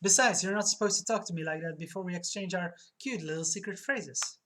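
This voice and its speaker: A woman voicing a dorky male spy who turns loud and threatening. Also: on the low side, a little fast, slight background noise, close to an everyday voice. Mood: indignant.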